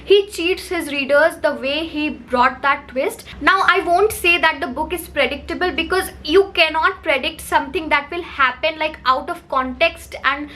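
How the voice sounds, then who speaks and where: A woman's voice: high voice, normal speed, hardly any pauses, sharp tone. A woman reviewing a book to camera, talking in a heated, emphatic rant full of repetition.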